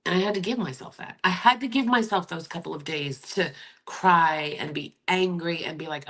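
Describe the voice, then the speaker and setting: Woman, livestream host, candid chat, emotional, confiding, low voice, raspy. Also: moderate pace, a bit bright. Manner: emotional and confiding, addresses viewers directly. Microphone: streaming setup.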